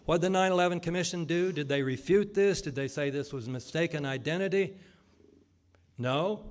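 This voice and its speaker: A man with a slightly high voice gives a public talk in an argumentative manner, asking rhetorical questions and hesitating often with ums and uhs.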